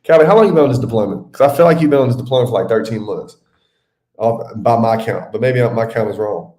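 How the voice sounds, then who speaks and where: A man's voice: medium pitch, fast, dark tone. A man hosting a live webinar as a mentor, chatting casually with viewers and calling them by name. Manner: chatty, addresses viewers by name, says y'all. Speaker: webinar host and adjusting mentor. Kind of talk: casual live-stream teaching. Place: home room. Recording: roomy live-stream audio.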